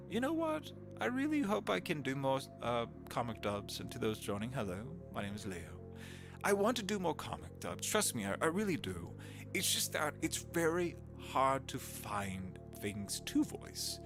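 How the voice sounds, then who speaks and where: A male voice actor chatting casually on a live stream, animated and talkative, laughing often. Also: mid-range voice, normal speed, music in the background.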